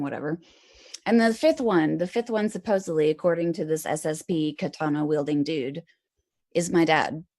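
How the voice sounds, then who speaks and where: A woman's voice: on the low side, darkish tone. A woman chatting casually and rambling, swearing freely and laughing as she talks. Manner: rambling, profane, laughs often.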